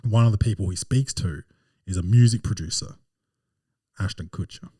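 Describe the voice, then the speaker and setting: A man's voice: lowish voice, moderate pace, warm tone, slightly rough, no room sound, studio quality, distant mic. A man co-hosting a comedy podcast, ranting and rambling with plenty of swearing while recapping a movie. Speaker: podcast co-host. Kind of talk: casual podcast chat and movie review.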